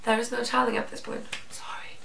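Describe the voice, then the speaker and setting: A young Norwegian woman with a Norwegian accent, reading fan questions in an excitable, chatty way. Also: on the high side, a little fast, vocal fry, far from the mic, slight background noise. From Norway. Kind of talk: casual Q&A chat. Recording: echoey room, off-mic.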